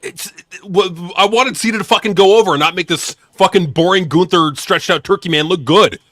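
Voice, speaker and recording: A man with a high, bright voice co-hosts a live wrestling reaction. He banters in a laid-back, jokey way, recorded close and dry. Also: fairly quick, no room sound. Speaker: co-host.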